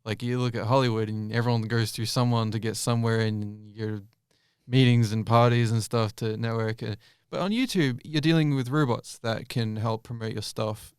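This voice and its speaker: A man's voice: mid-range voice, clear, resonant tone, no room sound, studio quality. A young man answering interview questions casually, rambling with many fillers and restarts. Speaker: YouTube creator guest.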